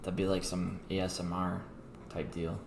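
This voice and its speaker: A man's voice: deep voice, flat delivery, moderate pace, vocal fry. A young man hosting a crypto trading livestream, chatting casually and rambling with many fillers and restarts. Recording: echoey room with faint background noise.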